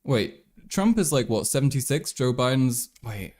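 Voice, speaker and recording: A man hosting a casual livestream talks in a loose, rambling way, tripping over restarts and dropping swear words as he thinks aloud. His voice sits at an ordinary middle pitch for a man. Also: sing-song, moderate pace, darkish tone. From England and Germany. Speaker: livestream host.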